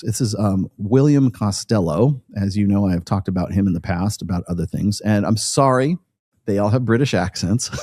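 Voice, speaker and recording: A man's voice: fairly low pitch, a little mellow, no echo, clean studio sound. A man hosting a casual commentary show, rambling with many restarts and laughing as he reacts to a video clip.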